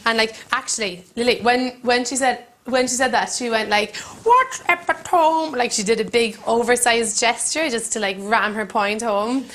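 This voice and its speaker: A woman's voice: fairly high pitch, fairly even intonation, normal speed, hardly any pauses, a bit bright. An Irish woman comedian telling a self-deprecating story in a country kitchen, laughing often. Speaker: comedian host. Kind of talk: storytelling to camera.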